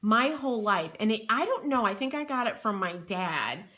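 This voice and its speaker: A woman's voice: medium pitch, sing-song, moderate pace, sharp tone. A middle-aged woman from Connecticut with a Connecticut accent, hosting a live craft tutorial, chatting and laughing as she reads viewer comments aloud. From Connecticut, USA.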